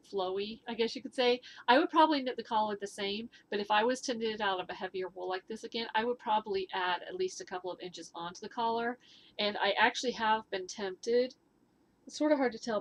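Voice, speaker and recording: A woman's voice: medium pitch, a little hiss or hum. A woman hosting a knitting vlog from home, chatting casually and rambling with fillers and restarts. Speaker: knitting and fitness vlog host. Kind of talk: casual chatty show-and-tell. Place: at home indoors.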